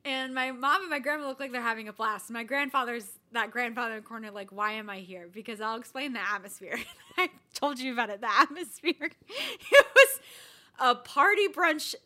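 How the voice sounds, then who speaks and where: A woman with a fairly high, bright, crisp voice, chatting casually as a podcast co-host. She tells her stories in a loose, rambling way and laughs often. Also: animated, moderate pace. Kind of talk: casual chat.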